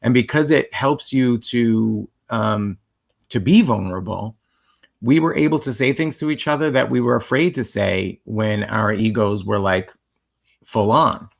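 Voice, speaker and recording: Earnest man with a gravelly voice. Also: fairly low pitch, unhurried. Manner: earnest, reflective, with many fillers. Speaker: co-host of a couples livestream. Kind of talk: casual conversational talk.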